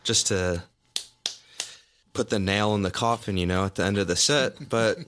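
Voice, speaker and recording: Easygoing low-voiced male musician. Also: normal speed, a bit bright. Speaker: band member guest.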